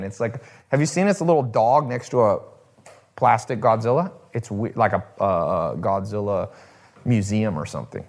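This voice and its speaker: A host chats casually with his viewers in a fairly low voice at a moderate pace. He rambles, restarts, swears, and acts out the people he quotes.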